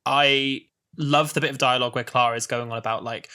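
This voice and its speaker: Bright-voiced young man co-hosting. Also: mid-range voice, a little fast, clean tone. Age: 20s. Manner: animated and gushing. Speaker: podcast co-host. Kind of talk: casual chat.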